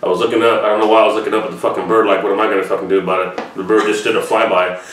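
A man's voice: fairly low pitch, level tone, racing, a bit bright, slight background noise. A man hosting a reaction video, telling a rambling story to camera with heavy swearing. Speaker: reaction channel host. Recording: echoey room from far off.

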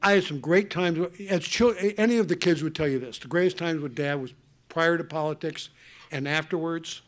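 An older man answering an audience question at a conference, telling personal family stories in an earnest, animated way with many restarts. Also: a little high, fairly quick. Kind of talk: emotional personal storytelling. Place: conference hall.

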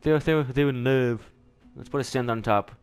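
A young man giving excitable let's play commentary, often yelling and laughing at the game. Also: mid-range voice, moderate pace, smooth, faint music behind. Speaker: gameplay commentator.

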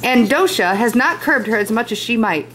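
Woman reading as a calm strict pioneer mom, soft and even, storybook. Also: a little high, a little hiss or hum, low-quality recording. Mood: stern. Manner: quiet and measured. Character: gentle, strict pioneer mother.

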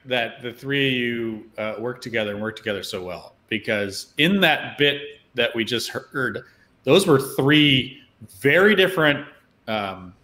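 A man's voice: mid-range voice, pushed and bright. A man speaking as a guest in a casual interview, thinking aloud with lots of filler words as he tells stories. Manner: thoughtful, storytelling, many "uh" fillers. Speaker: podcast guest, fund founder.

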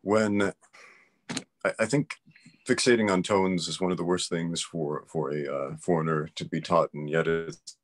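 Deep voiced guy in a casual interview, very sure of himself, keeps driving his point home. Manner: emphatic, opinionated explaining. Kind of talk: casual conversation.

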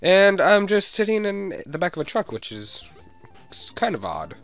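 Young man, let's play host, rambling, playful, lively pitch, faint music behind. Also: normal speed.

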